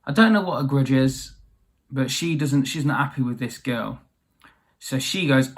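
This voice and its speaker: A man's voice: mid-range voice, normal speed. A man retelling a fairy tale as comedy, rambling with wry asides and lots of fillers. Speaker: storyteller.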